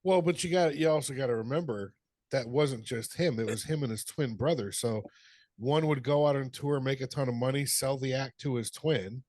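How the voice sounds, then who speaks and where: A man's voice: medium pitch, normal speed, darkish tone, no echo. A middle-aged man co-hosting a podcast, chatting casually, telling funny stories, laughing and swearing freely. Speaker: podcast co-host. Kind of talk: casual chat.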